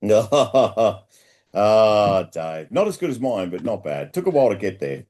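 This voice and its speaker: A man's voice: on the low side, sing-song, a little slow, a little mellow. A man co-hosting a local football show, trading casual banter and jokes in a laid-back, teasing way. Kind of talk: casual banter and joke telling.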